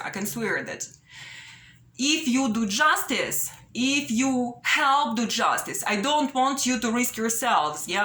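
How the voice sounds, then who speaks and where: A woman making an earnest, pleading appeal straight to the viewer, talking slowly and repeating herself, often tagging her sentences with "yeah?". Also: medium pitch, a bit bright. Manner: slow, repetitive, pleading, ends phrases with "yeah?". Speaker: vlogger. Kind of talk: earnest direct-to-camera appeal. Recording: roomy echo.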